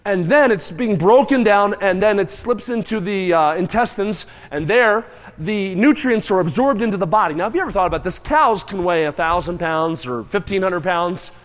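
A man with a high, bright pitch preaches a lively sermon, mooing and chewing aloud for effect and calling on his listeners to answer back. His voice rings out with a long reverb, as from a church sanctuary. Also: normal speed. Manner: animated, moos and chews aloud, calls on the crowd.

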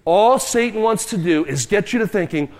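A man's voice: sits high, expressive, moderate pace, long reverb tail. A man preaching a sermon in a church, emphatic and dramatic, acting out cries and quoted voices. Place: church sanctuary.

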